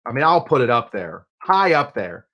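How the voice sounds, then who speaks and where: A man's voice: mid-range voice, big pitch swings, moderate pace, lo-fi sound. A man hosting a casual livestream cocktail demo, chatty, with jokey asides and frequent restarts. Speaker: bartender and show host.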